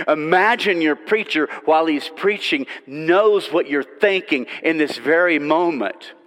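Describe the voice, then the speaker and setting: A man preaching a sermon and telling a story in an animated way, often repeating phrases. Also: fairly high pitch, a little slow, long reverb tail.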